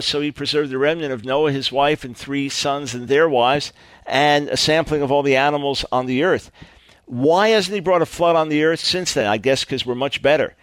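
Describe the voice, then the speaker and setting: A middle-aged man with a mid-range voice preaches earnestly in a sermon-style radio teaching, recorded with no room sound. He drives his points home with repeated emphatic phrases.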